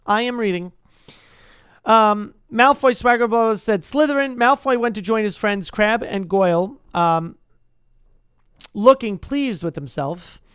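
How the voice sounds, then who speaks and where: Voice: medium pitch, unhurried, a bit bright, clean tone, no room sound, clean studio sound. A streamer reading a book aloud to a live chat, stumbling and breaking off for casual asides. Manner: chatty asides, stumbles and restarts.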